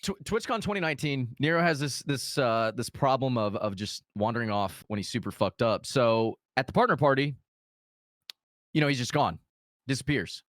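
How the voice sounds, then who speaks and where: Man, crude animated storyteller, lively higher voice, dry sound. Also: moderate pace, no room sound. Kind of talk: casual storytelling chat.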